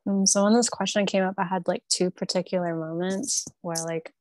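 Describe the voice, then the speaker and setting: A woman's voice: fairly low pitch, fairly quick, no echo. A woman on a panel, telling personal stories chattily with lots of "like" over a video call mic. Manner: chatty, many likes, excited retelling.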